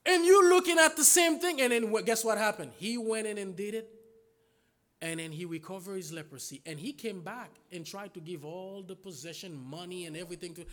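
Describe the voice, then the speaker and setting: A man's voice: high-pitched, brisk, fairly bright tone. A man preaching a sermon, emphatic, asking rhetorical questions and retelling stories in voices.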